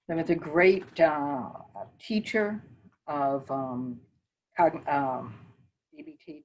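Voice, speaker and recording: Older woman, low voice, unhurried, guided meditation, calm counting. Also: husky, low-quality recording. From northern United States. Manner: calm, counts breaths slowly. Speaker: mindfulness teacher.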